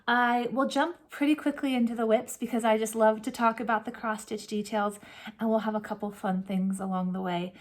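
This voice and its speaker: A woman hosting a cross-stitch vlog, chatting warmly and emotionally to camera from home, with soft whispered asides. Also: on the high side, fairly even intonation, fairly quick. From California. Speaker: Flosstube host. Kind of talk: casual chat to camera.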